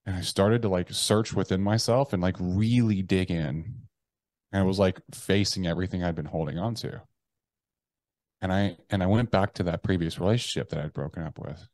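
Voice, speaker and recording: A man in his thirties speaks as a podcast guest, telling his story candidly in a voice that sits on the low side. He is blunt and swears freely, often breaking off and restarting his sentences. The sound is dry and close to the mic, with no room echo. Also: moderate pace, darkish tone. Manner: blunt, profane, with frequent restarts.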